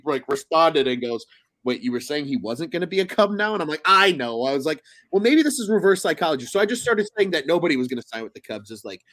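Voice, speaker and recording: A man hosting a live sports podcast, chatting with energy and telling stories in an animated way. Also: medium pitch. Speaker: podcast host.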